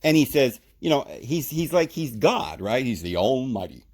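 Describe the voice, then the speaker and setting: A man giving podcast Bible teaching, explaining in an animated, emphatic way in short spoken phrases with sudden jumps in pitch. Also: moderate pace.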